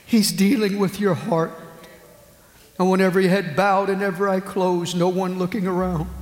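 A man preaching a sermon as a pastor, telling a story slowly and with feeling, with dramatic pauses. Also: high voice, little pitch movement, a little mellow. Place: church hall. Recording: echoey hall, long reverb.

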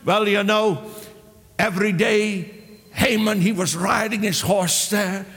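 A man preaching a sermon with passion, breaking into shouts and acting out the people in his story. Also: sits high, fairly even intonation, slow pace. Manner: impassioned, exclaims and voices the characters. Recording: long hall reverb.

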